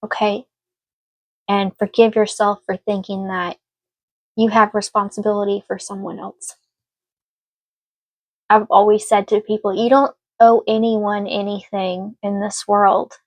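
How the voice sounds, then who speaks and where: A woman's voice: medium pitch, little pitch movement, unhurried, long pauses, dry recording. Earnest woman giving a tarot reading. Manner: earnest, emotional and reassuring. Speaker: tarot reader. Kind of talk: casual spoken tarot reading.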